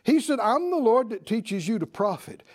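A man preaching a sermon, emphatic and animated, stretching out key phrases and rising to exclamations. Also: very high voice, normal speed.

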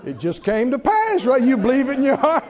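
A man preaching a sermon, swinging from near-shouts down to hushed tones, often laughing between lines. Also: extremely high pitch, huge pitch swings, brisk, lo-fi sound, some chatter behind. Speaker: pastor.

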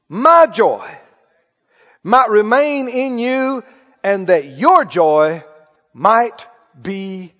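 High-voiced lively preacher man. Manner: preaching with call-and-response to the congregation. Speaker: pastor. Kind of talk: sermon. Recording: muffled church hall recording.

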